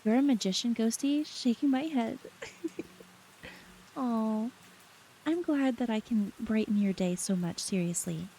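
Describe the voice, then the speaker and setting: A young adult woman streaming late at night, chatting softly with her chat, reading their messages aloud and often laughing. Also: fairly high pitch, slow pace, long pauses, slight background noise, low-quality recording. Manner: soft, giggly, reads chat aloud.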